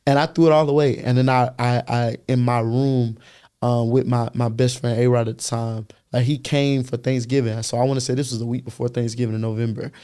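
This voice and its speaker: Mellow-voiced young man sharing a testimony. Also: mid-range voice, brisk, smooth. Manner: earnest, animated storytelling, acting out quoted speech, stacking repeated words. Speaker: guest, youth pastor and worship leader. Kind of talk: casual testimony in a podcast conversation.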